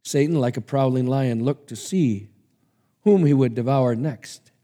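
A man's voice: medium pitch, measured pace, mellow. A man preacher giving a sermon and reading a story aloud in an emphatic, dramatic way. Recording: long hall reverb.

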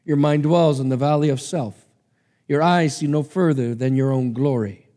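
A man's voice: a little high, normal speed, mellow, lightly acted. A man preacher reading the lines of God the Father, stern and loving, in a solemn, commanding way. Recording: long hall reverb.

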